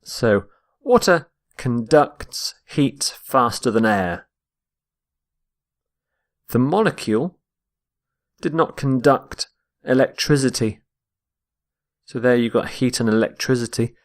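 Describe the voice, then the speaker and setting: A man teaches English vocabulary at a slow, unhurried pace. He speaks deliberately and repeats each word to model its stress, in a voice of ordinary middle pitch. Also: expressive. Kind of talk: vocabulary lesson.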